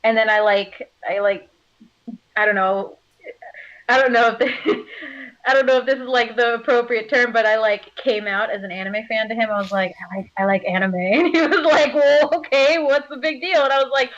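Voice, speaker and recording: A bubbly woman with a fairly high voice, chatting casually in an interview. She laughs often and fills her speech with filler words. The recording sounds slightly muffled. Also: normal speed, a bit bright. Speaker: voice actor.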